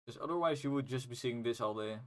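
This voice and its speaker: A young indie game developer, not a native English speaker, playtests his own game on stream, rambling casually and swearing now and then. His voice is medium-pitched, fast, and a bit bright.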